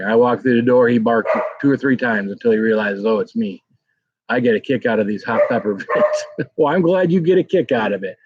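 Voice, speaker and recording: A middle-aged man with a mid-range voice hosts a live stream from his home, rambling casually and reading out viewer comments with plenty of filler words. The audio is dry, dull and lo-fi, with no room sound.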